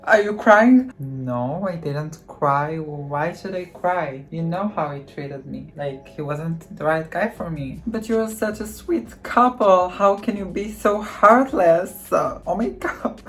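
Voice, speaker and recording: A woman voicing loud, gushing young women friends in an overdramatic, shrill way. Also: fairly even intonation, slow pace, hardly any pauses, faint music behind.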